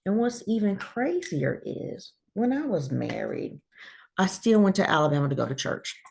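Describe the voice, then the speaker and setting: This Georgia woman has a mid-range voice with vocal fry and talks at a normal speed. As a guest in a casual interview, she tells her story animatedly, imitating the voices of the people involved.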